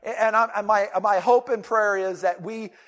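A man's voice: high voice, fairly even intonation, moderate pace, a bit bright. A man preaching a sermon as pastor, talking in a conversational, emphatic way with playful asides. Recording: long reverb of a large hall.

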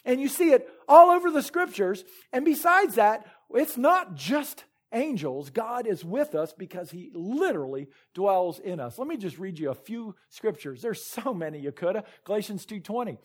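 A man's voice: sits high, very animated, normal speed, few pauses. A man preaching a sermon as pastor, reading scripture and retelling Bible stories with earnest emphasis.

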